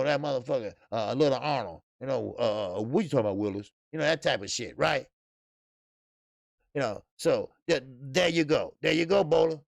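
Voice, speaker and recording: Boxing channel host: a man with a heavy gravelly voice and a profane, emphatic delivery, stuttering "uh" fillers, dry recording. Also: a little high, no room sound. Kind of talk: casual boxing commentary rant.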